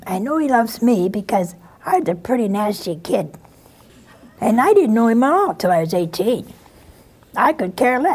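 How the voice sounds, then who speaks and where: An older nun giving an informal, homey spiritual talk, telling stories with blunt asides. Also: female voice, on the high side, darkish tone, slightly rough. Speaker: nun and TV host.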